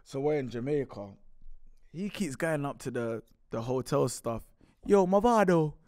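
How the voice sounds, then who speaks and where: A man's voice: mid-range voice, normal speed, darkish tone, no echo, studio quality. A man, co-hosting a casual chat and animatedly telling stories, acting out the dialogue. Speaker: co-host.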